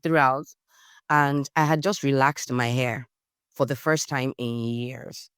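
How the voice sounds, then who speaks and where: A young woman with a Nigerian accent, a podcast guest telling lively personal stories in casual conversation and acting out the voices in them. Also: extremely low pitch, takes it slowly, clear, resonant tone, dry recording, clean studio sound. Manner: animated storyteller, acts out quotes, Nigerian slang. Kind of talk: storytelling in casual interview.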